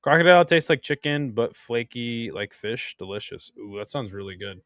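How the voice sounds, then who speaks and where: A young man hosting a casual live-stream watch party, crude and excitable, joking with his chat. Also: medium pitch, normal speed, no room sound, studio quality.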